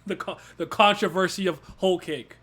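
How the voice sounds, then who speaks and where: A young man hosting a casual movie review chat, animated and swearing, often laughing. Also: sits high, brisk, a crowd in the background. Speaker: podcast host.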